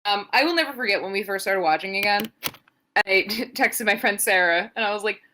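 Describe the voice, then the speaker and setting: A woman's voice: mid-range voice, fairly quick, sharp tone, a little hiss or hum. A young adult woman co-hosting a podcast, giving a sarcastic, profane, rambling play-by-play recap. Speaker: podcast co-host. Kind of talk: casual wrestling recap.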